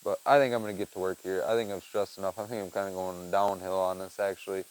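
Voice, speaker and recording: A man's voice: sits low, flat delivery, fast talker, clean tone, low-quality recording. Profane rambling young man. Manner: rambling, profane, swings from mumbling to loud. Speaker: podcast host. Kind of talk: casual solo chat.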